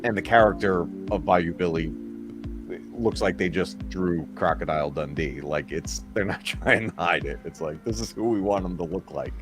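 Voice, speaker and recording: A man hosting a live stream and chatting casually. He rambles with nostalgia and often chuckles. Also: low-pitched. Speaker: stream host. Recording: music playing under the voice.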